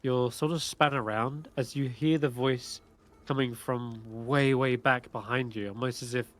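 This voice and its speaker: A man in the game master's seat, narrating the scene in a descriptive, measured way. He pauses now and then to find his words. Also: mid-range voice, fairly bright tone.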